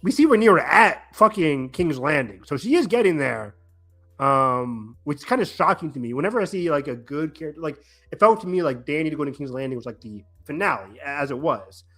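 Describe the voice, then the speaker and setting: A man co-hosting a casual podcast recap, talking in a rambling, animated way with many restarts and quoted reactions. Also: fairly high pitch, a little fast, faint music behind. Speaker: podcast co-host.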